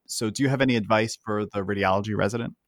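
A man hosting a podcast, reading out prepared interview questions in a measured, formal way. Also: lowish voice, steady tone, no echo, clean studio sound. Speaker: podcast host.

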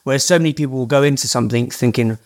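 A man's voice: mid-range voice, very fast. Man, podcast host, casual interview chat, blunt, swears freely. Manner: chatty, swears freely, sums up lessons for listeners.

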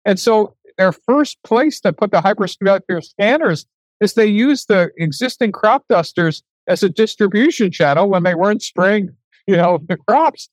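An older man telling a story as an interview guest, animated and acting out the dialogue in his anecdotes. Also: high-pitched, moderate pace, no echo, rough recording.

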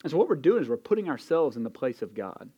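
A man's voice: medium pitch, very animated, quick pace, husky, lo-fi sound. A man preaching a sermon as pastor, conversational and emphatic, with casual asides to the congregation. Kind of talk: expository sermon.

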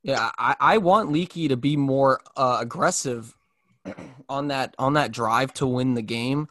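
A young man hosting a sports podcast, chatting casually in a halting way with frequent restarts. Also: mid-range voice, sharp tone, no room sound, studio quality. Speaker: podcast host.

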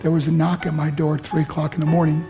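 Male motivational speaker from New York, fairly high voice, earnest storyteller, faint music underneath. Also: little pitch movement, fast. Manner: earnest storytelling with vivid acted-out dialogue. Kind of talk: motivational talk to high school students.

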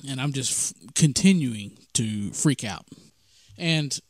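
A man from Mississippi, hosting and telling a story in a lively, casual way and acting out the dialogue. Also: medium pitch, slow pace, no room sound, clean studio sound. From Mississippi, USA. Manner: animated, acts out the dialogue of his story. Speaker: podcast host.

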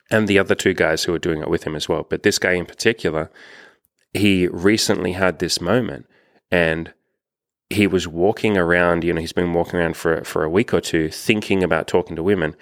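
A man's voice: sits low, fairly bright tone, no echo, clean studio sound. A young man coaching on dating, talking in a rambling, self-deprecating way and swearing freely. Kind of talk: casual coaching monologue.

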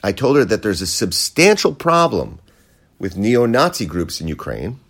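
A man with a low voice delivers a comic monologue in a sardonic tone. His pitch jumps around animatedly as he swings between loud emphatic points and quiet, muttered asides. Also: sing-song, normal speed.

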